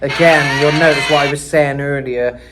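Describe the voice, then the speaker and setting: A man's voice: a little high, fairly even intonation, moderate pace, over loud music. A man giving a casual vocal lesson, talking loosely with lots of "kinda" and "you know.". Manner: breaks into screamed metal demos. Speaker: vocal coach.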